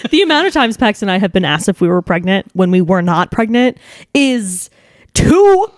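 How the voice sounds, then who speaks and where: A woman's voice: medium pitch, very animated, moderate pace, dry recording, clean studio sound. A woman co-hosting a podcast in casual chat, candid and profane, laughing often as she tells stories. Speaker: podcast co-host.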